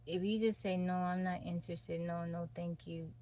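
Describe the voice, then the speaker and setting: Female streamer, low-pitched, laid-back, greets chat between stories. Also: fairly even intonation, moderate pace, warm tone. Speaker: livestream host. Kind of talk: casual chat with viewers. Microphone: phone.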